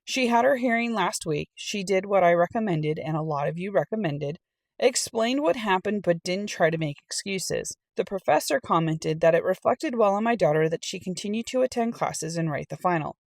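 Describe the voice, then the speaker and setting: A middle-aged woman reading a storytime aloud and telling her own college story in a chatty, animated way. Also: medium pitch, normal speed, vocal fry, dry recording. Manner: chatty and animated, acts out quoted people. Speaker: storytime reader and channel host. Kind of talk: casual storytime reading with personal anecdote.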